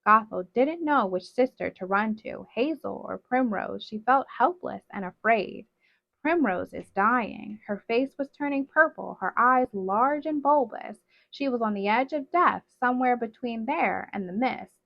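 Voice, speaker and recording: A woman reading a novel aloud in steady, dramatic narration, on a dull, dry recording. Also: a little high, moderate pace, vocal fry, hardly any pauses, no echo. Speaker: storybook reader.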